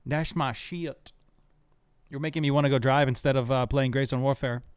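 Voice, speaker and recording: A young man streaming a game, chatting casually, excitable and swearing a lot as he rambles. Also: medium pitch, normal speed, clean tone, dry recording, studio quality. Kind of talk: casual gaming stream chat.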